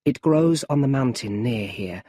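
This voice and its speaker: A man voicing a stern, mysterious male mentor in an audiobook story, with firm, measured speech. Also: medium pitch, lively intonation, warm tone, breathy edge, dry recording.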